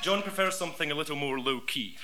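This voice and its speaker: A Scottish man performing dry, deadpan radio sketch comedy as one half of a double act. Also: a little high, fast talker, loud music behind the voice. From Scotland.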